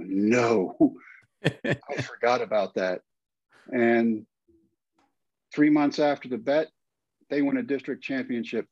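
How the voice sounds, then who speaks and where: An animated Texan man in his fifties tells a story and slips into the voices of the people in it. His voice sits at a medium pitch. The sound is dry and a little dull, recorded close in a quiet room. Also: dry recording. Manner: animated storyteller, acts out quoted lines. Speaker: guest, former pitcher and coach. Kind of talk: storytelling in a podcast interview.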